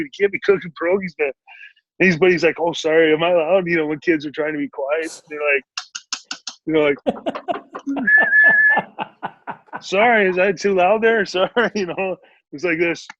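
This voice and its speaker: A man's voice: on the high side, fairly bright tone, no echo, highs cut off. A man in his forties, a guest, telling stories in a rambling, casual way at home with frequent laughs. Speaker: guest, former pro hockey player. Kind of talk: casual storytelling. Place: home, family nearby.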